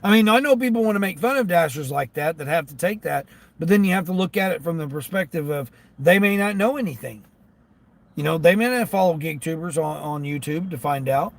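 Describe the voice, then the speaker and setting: Grumbling man in a car, gravelly voice. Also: a little high, expressive, fairly quick. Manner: grumbling, thinking aloud. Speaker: gig delivery driver vlogger. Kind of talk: casual talk while driving. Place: inside a car.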